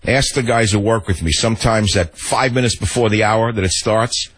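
An older man rambles through a talk radio monologue. His voice is low and husky, with gruff, animated asides. The studio sound is close and dry. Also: moderate pace, no echo, rough recording. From the Bronx, New York.

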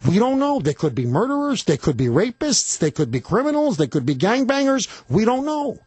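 A man's voice: high voice, big pitch swings, a little fast, a little mellow, slightly rough, no room sound. A man hosting a political talk radio show, speaking emphatically and indignantly, repeating himself for effect. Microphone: studio microphone.

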